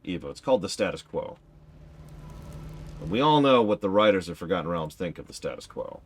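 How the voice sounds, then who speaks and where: A man's voice: low voice, very animated, fairly quick, slight background noise. A man streaming a game, chatting and musing analytically as he plays. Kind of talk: casual commentary while playing.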